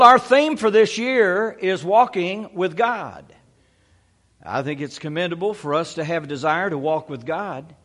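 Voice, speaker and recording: Folksy pastor, man with a higher voice. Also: fairly bright tone. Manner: folksy, repeats "Amen" often. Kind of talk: sermon with a humorous story. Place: church sanctuary.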